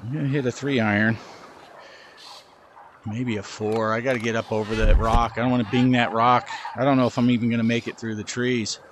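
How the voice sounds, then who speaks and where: A man's voice: mid-range voice, level tone, a little fast, noisy background. A middle-aged man giving casual, self-deprecating commentary while playing a VR golf game, talking to his ball as he plays. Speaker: gaming channel host.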